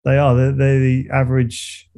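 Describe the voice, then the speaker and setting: A man's voice: mid-range voice, completely flat delivery, normal speed, creaky, dark tone. A middle-aged man with a Surrey English accent, talking as an interview guest in a reflective, rambling way. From England. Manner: reflective, rambling, frequent restarts and laughs. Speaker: guest, meditation coach and musician. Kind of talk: casual interview conversation.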